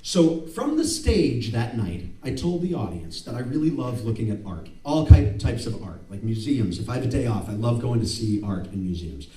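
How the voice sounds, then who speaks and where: A man tells a self-mocking story on a club stage, acting out each line of dialogue. His pitch swings widely and his tone is mellow and relaxed. The sound is roomy and picked up from some distance. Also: normal speed, hardly any pauses. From United States. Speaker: spoken word performer. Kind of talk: live storytelling monologue. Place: club stage before an audience.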